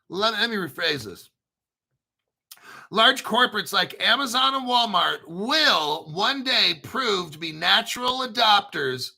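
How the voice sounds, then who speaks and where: A man hosting a crypto video show, talking in an excitable, rambling, profane way. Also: sits high, gravelly, low-quality recording. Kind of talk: casual profane commentary.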